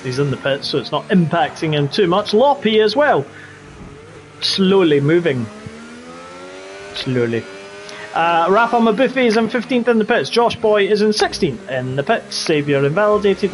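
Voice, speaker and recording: A man's voice: sits high, a little hiss or hum. A young man calling a sim race live as commentator, keeping up a playful, joking patter over the action. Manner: jokey, playful running commentary.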